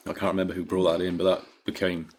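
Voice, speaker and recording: Male podcast co-host, lowish voice, rambling and sweary banter. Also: completely flat delivery, quick pace. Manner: rambling, sweary, laughs easily. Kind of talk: casual comedy chat.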